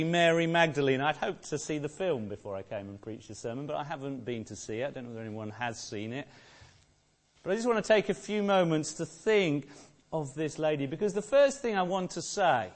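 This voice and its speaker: A man preaching an Easter sermon, asking rhetorical questions and repeating key phrases, swinging between loud and soft. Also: fairly high pitch.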